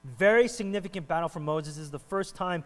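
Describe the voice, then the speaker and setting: Guy preaching a sermon, kinda high voice, keeps going "right?", big echoey church hall with hum. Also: fast talker. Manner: animated, talks to the congregation with frequent "right?". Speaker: pastor. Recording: reverberant hall with mains hum.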